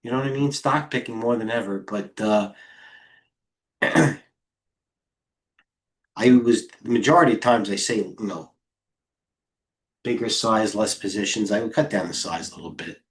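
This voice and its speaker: Man calling out stock trades live. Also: on the low side. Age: middle-aged. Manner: rapid-fire ticker calls, talks to himself. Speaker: trading stream host. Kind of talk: live market commentary while trading.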